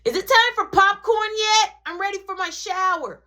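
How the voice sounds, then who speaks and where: A woman's voice: very high-pitched, moderate pace, bright, forceful tone, voice pushed up. A woman voicing a whiny, demanding little boy who keeps asking for things.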